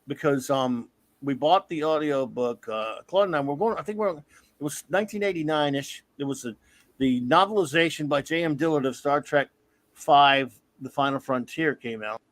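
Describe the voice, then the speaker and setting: A man in his fifties hosting a casual comics talk stream, an animated storyteller who often breaks into laughter. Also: a little high, normal speed, no room sound. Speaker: comics podcast host. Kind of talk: casual live-stream chat.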